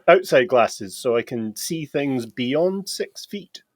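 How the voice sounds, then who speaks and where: A man co-hosting a podcast in casual comedic chat, delivering deadpan dark one-liners. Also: medium pitch, slow pace, no echo. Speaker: podcast co-host.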